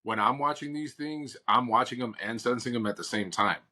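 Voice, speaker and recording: A man co-hosting a paranormal podcast chats casually, fairly quickly, in a medium-pitched voice with a sharp tone. He's laid-back and sprinkles his talk with fillers like "dude" and "you know."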